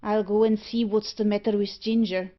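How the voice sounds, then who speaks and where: A woman's voice: mid-range voice, little pitch movement, normal speed, lo-fi sound, close to an everyday voice. The Sandman, a skittish ruffian, as a woman reads him. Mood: alarmed. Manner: urgent, fearful. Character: alarmed male ruffian, the Sandman.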